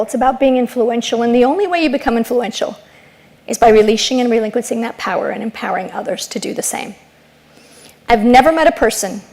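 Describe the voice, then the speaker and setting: Gravelly-edged woman giving a motivational speech. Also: a little high. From Ecuador. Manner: emphatic, rhetorical, storytelling. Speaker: keynote speaker.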